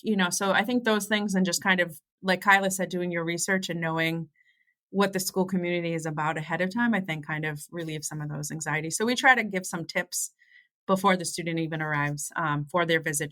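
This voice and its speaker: A woman's voice: lowish voice, fairly even intonation, fairly quick, a bit bright. A woman working in private school admissions, speaking casually on a panel and filling her talk with "you know". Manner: friendly, laughs easily, fillers like "you know". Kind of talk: panel discussion.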